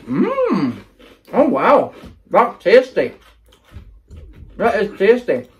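A man's voice: high-pitched, very slow. A man in casual chat, tasting snacks and reading labels aloud in a chatty way. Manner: chatty, lively, reads labels aloud while chewing.

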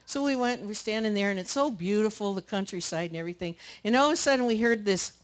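A woman's voice: mid-range voice, expressive, fast. A woman speaking at a camp meeting, telling a rambling, colloquial story to a live audience. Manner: chatty, rambling, colloquial with many restarts.

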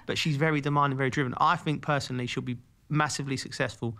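A man's voice: mid-range voice, quick pace, gravelly, few pauses. A man with a London accent, a former footballer co-hosting a podcast, telling stories in casual chat and acting out the voices of the people he quotes. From England. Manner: animated, acts out quoted voices.

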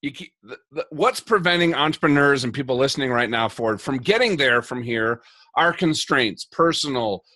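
A man from Minnesota hosting a podcast, laying out ideas deliberately one by one. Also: medium pitch, lively intonation, bright, forceful tone. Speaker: podcast host. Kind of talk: podcast interview.

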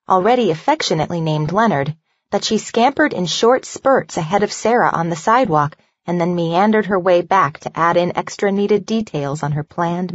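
A woman narrating a novel aloud in an even, measured storytelling voice. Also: fairly low pitch, no echo, lo-fi sound. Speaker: audiobook narrator.

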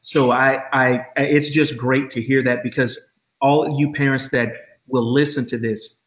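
Enthusiastic middle-aged host in an echoey room. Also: male voice, medium pitch, fairly even intonation, a little slow. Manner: enthusiastic, encouraging, repeats words when he starts a thought. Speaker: podcast host. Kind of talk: podcast interview.

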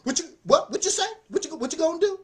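A man voicing a young man pretending to be tough and crazy to scare off a bully, loud and confrontational, repeating himself. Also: very high-pitched, expressive, fast, pitched above the performer's own voice. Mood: taunting.

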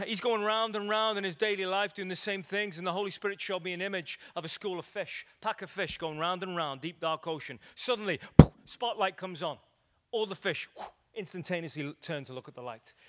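Male evangelist, pitched a touch high, animated storyteller who acts out conversations mid-sermon. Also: fairly quick, hardly any pauses. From Liverpool, England. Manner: animated storyteller acting out dialogue. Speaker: evangelist preacher. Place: church meeting room with audience.

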